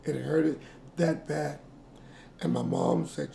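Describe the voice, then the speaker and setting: A man's voice: fairly high pitch, big pitch swings, normal speed, creaky, mellow. A man in his sixties telling a painful family story in an interview, heartfelt, acting out the voices he quotes. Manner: heartfelt, acts out quoted voices, grammar of casual speech. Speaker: interviewee, soul singer. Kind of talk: emotional personal storytelling. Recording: echoey room with faint ambient noise.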